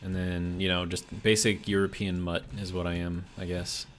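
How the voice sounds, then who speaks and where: American guy streaming, kinda low voice, rambly chat, faint hum behind. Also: level tone, moderate pace. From United States. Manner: rambling, reads chat aloud, many fillers. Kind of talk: casual live-stream chat.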